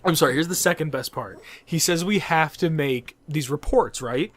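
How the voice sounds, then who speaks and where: Profane storytelling young man, slightly high. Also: moderate pace, fairly bright tone. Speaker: podcast host. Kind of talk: casual chat.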